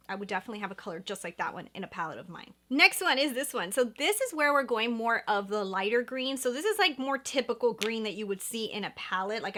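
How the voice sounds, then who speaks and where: A woman beauty vlogger talks through her favorite eyeshadow shades in a casual, gushing way, full of "like" and "oh my God." Her voice sits a little high with a bright, forward edge. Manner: gushing, enthusiastic, many fillers like "like" and "oh my God". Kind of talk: casual makeup product chat.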